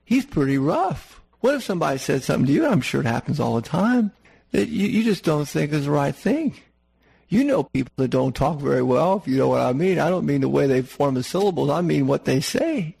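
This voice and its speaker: A man delivering a folksy, conversational sermon. His voice is gravelly and a little husky, and he talks plainly to the congregation. He often stops to correct himself mid-sentence. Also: a little high, sing-song, moderate pace, a little mellow. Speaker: preacher.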